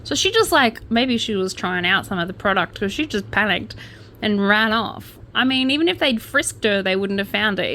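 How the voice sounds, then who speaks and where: A woman's voice: mid-range voice, a bit bright, slight background noise. An Australian woman casually reading out crime news with wry asides and self-corrections.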